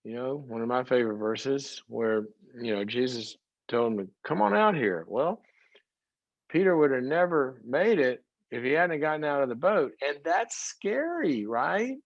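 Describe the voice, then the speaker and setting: A middle-aged man talks in a folksy, conversational teaching style, peppering his points with rhetorical questions. His pitch moves up and down a lot. The recording is dry and close, with a slightly dull, muffled tone. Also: lively intonation, normal speed, dry recording. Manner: folksy, uses everyday examples and rhetorical questions. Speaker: psychologist and speaker.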